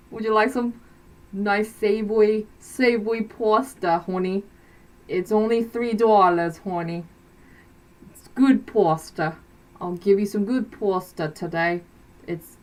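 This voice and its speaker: A woman's voice: mid-range voice, darkish tone, close to an everyday voice. A woman voicing a doting diner waitress with a Boston accent, coaxing and calling the customer honey. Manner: coaxing, calls everyone honey.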